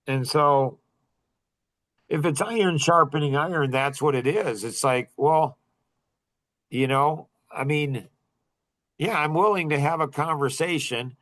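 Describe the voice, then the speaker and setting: A man's voice: a little high, slow pace, long pauses, fairly bright tone. A middle-aged man in casual podcast chat, rambling with many fillers and restarts and laughing often. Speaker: podcast guest.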